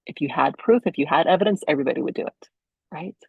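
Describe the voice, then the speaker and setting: A woman hosting her own podcast, talking earnestly and enthusiastically to listeners, sometimes dropping to a soft, hushed tone. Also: low voice, animated, quick pace, gravelly, breathy edge, no echo, narrow, tinny audio. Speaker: podcast host. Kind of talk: inspirational solo podcast talk.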